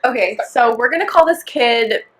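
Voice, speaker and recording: At a moderate pace and in a slightly high voice, a young woman who co-hosts a podcast chats casually through a long, rambling tale, laughing as she goes, leaning on "like," and acting out what people said.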